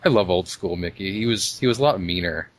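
A man co-hosting a podcast, explaining things in a relaxed, casual way. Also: low voice, quick pace. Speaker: podcast co-host. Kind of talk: casual chat.

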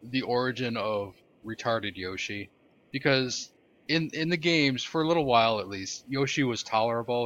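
A man's voice: medium pitch, expressive, moderate pace, a bit bright. A man co-hosting a podcast in casual chat, grumbling, opinionated and sarcastic. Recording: dull lo-fi podcast audio.

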